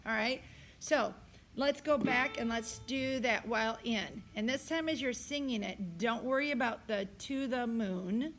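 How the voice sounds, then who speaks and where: A woman's voice: on the high side, a little slow, noisy background. A woman choir teacher with a tired voice, giving directions to singers and singing short phrases to show how they go. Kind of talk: recorded choir rehearsal lesson.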